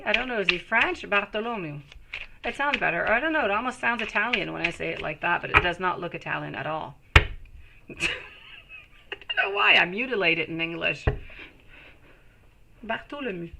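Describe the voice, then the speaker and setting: A woman's voice: mid-range voice, creaky, heavy background noise. A woman giving live tarot readings to viewers, reassuring and calling them sweetie. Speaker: tarot reader.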